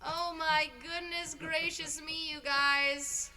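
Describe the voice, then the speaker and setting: A woman's voice: high voice, animated, moderate pace, bright, forceful tone, faint music behind. A bubbly, giggly woman chatting casually to livestream viewers at home between songs, as a singer hosting her own concert.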